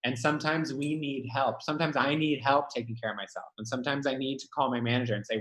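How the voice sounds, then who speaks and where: A man speaking with blunt, heartfelt emphasis, swearing freely as he talks. His voice sits at a middling pitch and rings in an echoey room. He sounds like a guest in a candid conversation. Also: quick pace, hardly any pauses, fairly bright tone. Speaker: guest musician.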